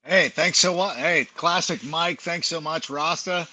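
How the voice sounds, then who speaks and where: This middle-aged man is a fantasy football analyst appearing as a podcast guest, and his voice is fairly high and sharp. He speaks unhurriedly, telling rambling, self-deprecating stories packed with fillers in casual chat.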